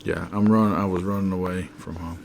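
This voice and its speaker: A man's voice: deep voice, fairly even intonation, brisk, vocal fry, a little hiss or hum. A man playing in a tabletop game, talking casually and hesitantly. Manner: casual, hesitant, in character as a kid. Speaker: player.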